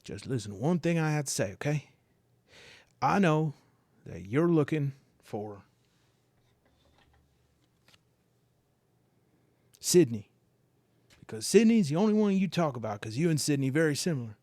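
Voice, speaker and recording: A man's voice: fairly high pitch, sing-song, normal speed, a little mellow, no echo. A man voicing a nosy, overfamiliar young man who stammers and rambles. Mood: pleading.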